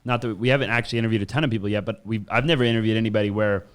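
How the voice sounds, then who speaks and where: Fast-talking, low-voiced male podcast host. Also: fairly even intonation, clear, resonant tone. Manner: rambling, restarts often, says yeah a lot. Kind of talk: casual interview.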